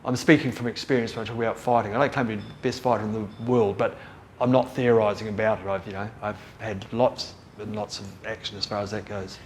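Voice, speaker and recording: A middle-aged man with a lowish, level voice talks fast, telling rambling stories casually over slight background noise. He keeps breaking off and restarting sentences and laughs at his own tales.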